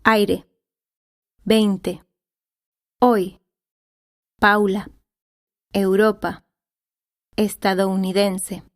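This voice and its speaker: Woman enunciating words slowly and clearly. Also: medium pitch, flat delivery, no room sound, clean studio sound. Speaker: pronunciation model speaker. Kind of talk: clear model pronunciation of words.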